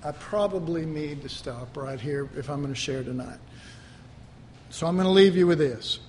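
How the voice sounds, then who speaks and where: A man preaching a fervent sermon, swinging between loud outbursts and quiet asides. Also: on the high side, moderate pace, long reverb tail, a little hiss or hum.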